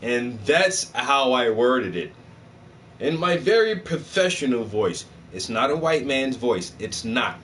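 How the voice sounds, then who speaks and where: A man chatting casually on a livestream as he paints, animated, mimicking his own phone voices and swearing freely. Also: mid-range voice, slow, far from the mic, slight background noise. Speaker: vlogger and painter.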